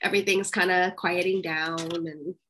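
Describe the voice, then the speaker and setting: A woman's voice: on the low side, fairly even intonation, normal speed, fairly bright tone, slight background noise. A woman co-hosting a casual podcast chat, blunt and matter-of-fact while sick with covid. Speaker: podcast co-host and mother.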